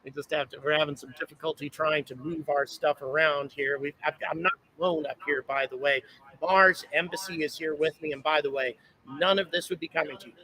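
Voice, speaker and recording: A man's voice: a little high, fairly even intonation, fairly quick, pushed and bright, rough recording. A man hosting a live stream outdoors, rambling and chatty as he thanks viewers and reads out where they are watching from. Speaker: livestream host. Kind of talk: casual live stream chat. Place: outdoors at a launch site viewpoint. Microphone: own microphone on a handheld camera setup.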